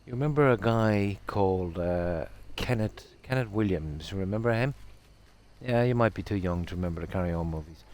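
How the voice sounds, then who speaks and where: Low-voiced Irish Midlands man, rambling. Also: brisk. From Ireland. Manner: relaxed, rambling, self-deprecating. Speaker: game streamer. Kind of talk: casual chat with stream viewers.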